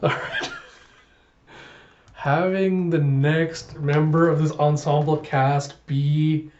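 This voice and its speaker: A man's voice: on the high side, level tone, takes it slowly, reverberant, muffled recording, background noise. A man casually retelling and reviewing a comic chapter, enthusiastic and laughing often. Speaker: manga reviewer.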